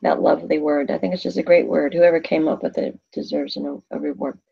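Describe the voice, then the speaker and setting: A woman teaching a lesson in a husky, low voice, with a gravelly edge. She chats along, asks her class questions and then answers them herself. The sound is dull and lo-fi, like a computer mic capturing a screen lesson. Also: fairly even intonation, brisk. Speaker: Spanish teacher.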